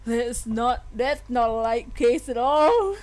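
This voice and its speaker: A woman's voice: fairly high pitch, animated, slow pace, a little mellow. A woman streaming a game live, chatting and giggling through her reactions. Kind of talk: live gameplay commentary.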